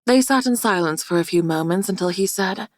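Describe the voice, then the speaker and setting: A woman narrating a fantasy audiobook in a steady, measured reading style. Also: lowish voice, dry recording, studio quality. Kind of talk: scripted narration.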